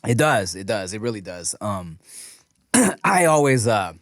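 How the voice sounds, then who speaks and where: A man chatting on a podcast, his pitch jumping around as he tells stories and acts out what people said. He swears freely and talks in a loose, casual way. The sound is dry and close. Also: a little slow, no echo. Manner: animated storytelling, swears a lot, acts out quotes. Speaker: podcast co-host. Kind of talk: casual chat.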